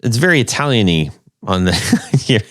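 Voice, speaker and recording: A man's voice: mid-range voice, big pitch swings, normal speed, a bit bright, no echo, studio quality. A man hosting a podcast interview, casual and jokey, rambling a little with plenty of fillers. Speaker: podcast host.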